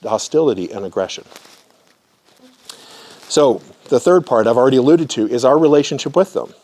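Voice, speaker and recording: A middle-aged man's dark, mid-range voice carries a live, conversational lecture to an audience in a room. He mixes in personal stories and clears his throat frequently.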